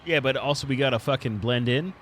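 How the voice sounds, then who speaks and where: A man's voice: mid-range voice, quick pace, fairly bright tone, slight background noise. A man playing a tabletop role-playing game, crude and joking. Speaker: player. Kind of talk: casual tabletop play.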